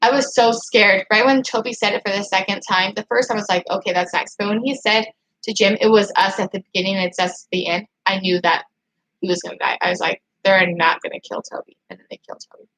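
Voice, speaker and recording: A woman talks straight to her livestream viewers and answers their chat comments as they come in. Her talk is a fast, frustrated rant, full of "like" and sentences she starts over. The voice sits at an ordinary pitch for a woman. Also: low-quality recording. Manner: excitable and frustrated, heavy use of "like". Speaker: channel host reading live chat.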